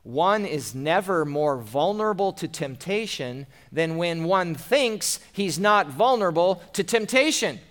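A man's voice: sits high, expressive, unhurried, few pauses, a bit bright. A man preaching a sermon, retelling a scripture story dramatically with rhetorical questions.

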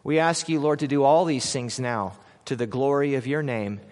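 A male pastor giving an Easter sermon, telling a story dramatically, swinging between loud declaiming and quiet moments. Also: mid-range voice, normal speed, big-room sound. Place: church.

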